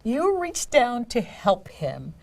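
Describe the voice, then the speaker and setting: A woman's voice: mid-range voice, big pitch swings, normal speed, a little mellow. A woman hosting an interview, recapping the guest's story and asking follow-up questions. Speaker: interview host. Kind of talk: interview conversation.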